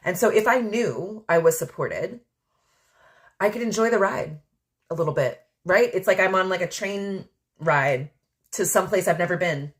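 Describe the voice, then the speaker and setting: A woman with a lowish voice talks solo on her podcast in a loose, reflective way. She rambles candidly and leans heavily on filler words as she thinks aloud. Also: animated, moderate pace. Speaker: podcast host. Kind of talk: casual reflective monologue.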